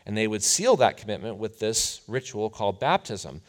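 A man preaching a sermon as a pastor, telling the story in a conversational, animated way. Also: lowish voice, normal speed.

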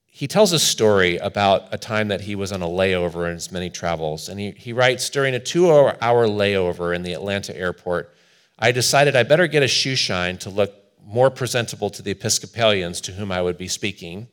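Pastor, male, low-ish voice, earnest storytelling sermon delivery. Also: lively intonation, brisk, smooth.

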